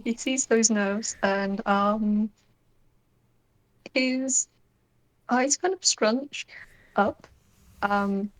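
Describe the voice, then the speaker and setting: Unhurried woman narrating a tabletop game. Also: mid-range voice, poor audio. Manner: unhurried, chatty, fond. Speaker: tabletop player.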